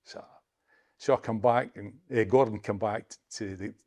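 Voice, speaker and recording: A Scottish man in his seventies telling a story as an interview guest, halting and repeating words as he chats. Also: on the low side, fairly even intonation, darkish tone. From Scotland. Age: 70s. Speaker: interview guest, former footballer. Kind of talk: anecdotal storytelling.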